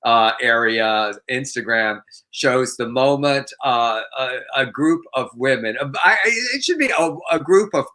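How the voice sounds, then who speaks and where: Bright-voiced man dishing the news. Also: mid-range voice, a little slow, few pauses. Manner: animated, laughing storyteller. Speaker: co-host. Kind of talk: casual news chat.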